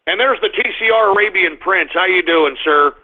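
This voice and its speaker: A man's voice: sits high, a little fast. A man hosting a live radio show, griping and blustering at his listeners. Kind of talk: live call-in radio rant. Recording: tinny phone-like sound.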